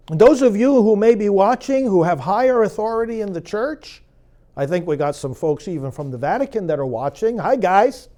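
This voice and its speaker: A middle-aged man, a priest hosting his own show, speaks straight to the viewer with a sarcastic, preachy edge that climbs into fervent emphasis. His pitch sits fairly high and swings widely, and his tone stays mellow rather than bright. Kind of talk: direct-to-camera commentary.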